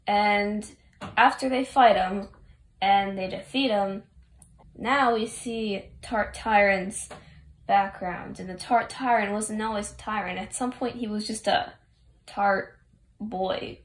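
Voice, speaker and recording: A woman's voice: medium pitch, slow pace. A woman casually recapping a story in a rambling, chatty way, full of asides. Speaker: fan recapping a game story. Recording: roomy echo.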